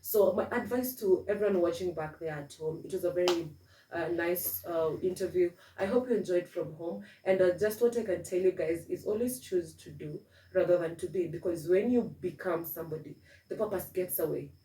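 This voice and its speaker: A woman's voice: fairly low pitch, normal speed, warm tone, distant mic. A woman interviewing a student, talking in an earnest, advice-giving way with frequent restarts. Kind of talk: casual interview. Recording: echoey room, voice from off-mic.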